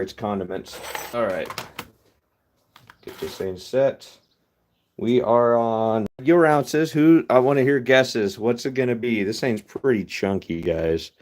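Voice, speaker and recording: A man's voice: fairly low pitch, mellow. Chatty man livestreaming from a workshop. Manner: chatty, talks straight to viewers as "guys". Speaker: livestreamer casting metal. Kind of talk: casual live commentary to viewers. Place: hot workshop. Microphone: phone livestream.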